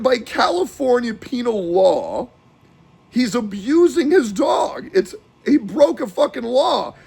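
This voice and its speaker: A young adult man streaming a heated, profane rant, swinging between shouting and low muttering. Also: gravelly, husky.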